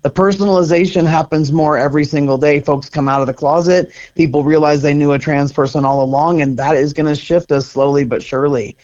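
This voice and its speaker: A man's voice: a little high, fairly even intonation, fairly quick, few pauses, darkish tone. Earnest middle-aged man, dull audio. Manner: earnest, reflective, laughs often. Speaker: guest, center co-founder. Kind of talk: conversational interview.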